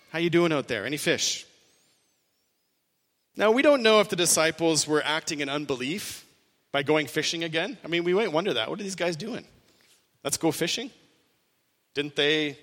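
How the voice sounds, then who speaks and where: A man's voice: a little high, fairly bright tone, in a large hall. A male pastor preaching an earnest sermon, voicing quoted lines with rising emphasis.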